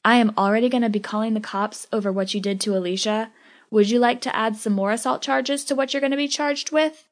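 A woman's voice: a little high, fairly even intonation, a little fast, close to an everyday voice. A woman voicing a protective young woman who pleads earnestly with her best friend. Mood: defiant.

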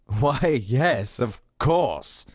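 A man's voice: mid-range voice, lively intonation, drawn-out words, no echo, clean studio sound, pitched above the performer's own voice. A man voicing a scornful jailer guard who taunts his prisoner. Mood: mocking. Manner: sneering, taunting.

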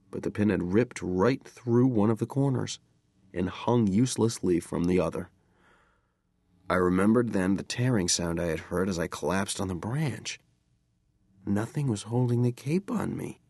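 A man reading a first-person horror story as an audiobook narrator, measured and dramatic. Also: on the low side, darkish tone, dry recording, clean studio sound.

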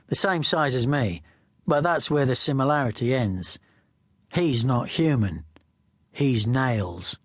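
A man's voice: mid-range voice, no room sound. A man reading a novel aloud in first person, in a plain conversational storytelling voice, recorded close in a studio. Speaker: audiobook narrator. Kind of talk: first-person scripted narration. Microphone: close studio mic.

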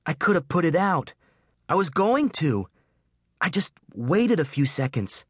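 A man's voice: a little high, big pitch swings, a little slow, slightly rough, dry recording, studio quality, pitched above the performer's own voice, exaggerated voice. A man voicing a worn-out, guilt-ridden teenage boy who talks in a breathless, anxious way in an audiobook. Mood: panicked, guilty.

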